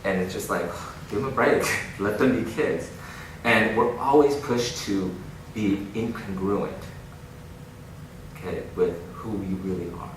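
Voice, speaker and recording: A man giving an inspirational keynote talk, telling stories in an animated way with frequent laughter. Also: lowish voice, a little slow. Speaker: keynote speaker. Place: large conference hall. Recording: echoey hall, distant mic, noisy.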